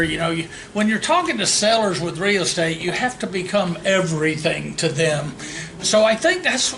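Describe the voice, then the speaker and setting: A real estate trainer with a high, creaky, fairly bright voice gives a joke-filled seminar talk, telling stories and speaking out to the room. The meeting room is echoey, with faint ambience and slight background noise.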